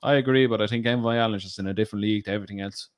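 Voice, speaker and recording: A man co-hosting a casual podcast, blunt and quick to swear when riled. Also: fairly low pitch, steady tone. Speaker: podcast co-host. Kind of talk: casual banter.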